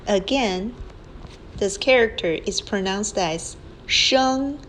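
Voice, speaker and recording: Slow patient woman teaching characters. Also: medium pitch, a bit bright, slight background noise, rough recording. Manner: patient, explains step by step, models tones aloud. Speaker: Chinese language teacher. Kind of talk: slow whiteboard lesson narration. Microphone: phone screen recording.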